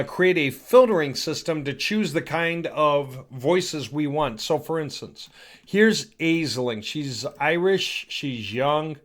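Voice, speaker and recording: A man giving a casual, rambling walkthrough of a software product, thinking aloud as he clicks through settings. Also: on the high side. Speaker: software demo presenter. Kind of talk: casual screen-recorded product demo.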